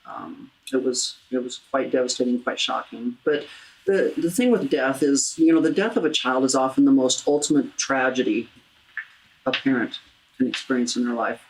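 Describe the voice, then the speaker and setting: A woman with a low, steady voice hosts an intimate interview about loss. She speaks earnestly, often restarting her sentences as she works through hard memories. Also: rough recording. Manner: earnest, halting, with many restarts. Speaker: talk show host. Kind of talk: heartfelt interview about grief.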